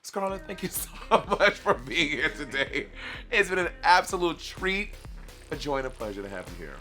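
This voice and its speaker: A man's voice: a little high, sing-song, normal speed, bright, forceful tone, faint music behind. A man hosting a casual chat, sassy and camp, full of drag slang. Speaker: host.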